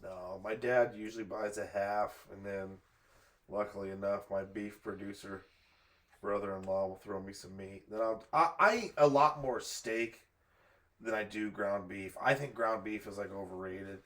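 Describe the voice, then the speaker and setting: A man's voice: fairly low pitch, steady tone, normal speed, fairly bright tone. A man co-hosting a podcast in casual chat, speaking hesitantly with many fillers. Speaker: podcast co-host.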